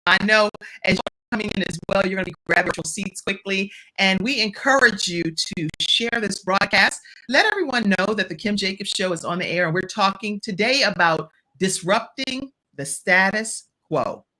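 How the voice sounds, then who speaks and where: Bright, chatty woman talk show host. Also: mid-range voice, normal speed, hardly any pauses. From Virginia, US. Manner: chatty and animated, addresses the audience directly. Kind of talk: upbeat virtual talk show hosting.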